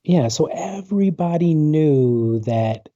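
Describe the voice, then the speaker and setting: A man's voice: fairly high pitch, expressive, takes it slowly, warm tone, no room sound. A man in his forties, guest on a talk show, telling a personal story in a rambling way full of fillers and restarts over a video call. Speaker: guest, paranormal researcher. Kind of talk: casual storytelling interview. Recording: dull lo-fi internet call audio.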